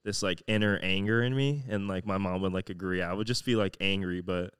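A young man from Florida speaks in a lowish, smooth voice on a podcast. He thinks out loud, hesitant and reflective, filling pauses with "like". The recording is dry and close. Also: fairly even intonation, no room sound. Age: young adult. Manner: hesitant, reflective, many "like" fillers. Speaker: podcast co-host. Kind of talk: casual chat.

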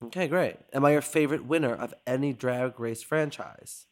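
A man's voice: mid-range voice, normal speed, a little mellow. A man hosting a casual phone-call vlog, dramatic and playful, swearing freely as he chats. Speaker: host calling fans back.

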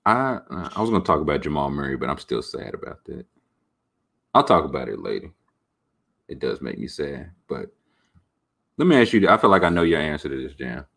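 A man hosting a podcast, rambling about sports in an animated, jokey way. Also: very deep voice, a little fast, creaky, pauses often. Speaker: podcast host. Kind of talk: casual sports talk.

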